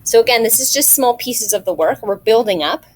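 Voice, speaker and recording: A woman's voice: a little high, expressive, a little fast. A woman math teacher recording a video lesson, explaining each step patiently and checking in with rhetorical questions.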